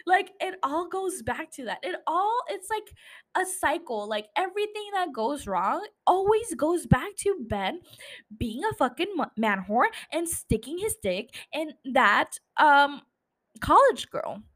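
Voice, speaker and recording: A woman's voice: sits high, big pitch swings, unhurried, a bit bright. A young woman hosting a casual solo podcast, rambling, swearing freely and laughing at herself. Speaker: podcast host.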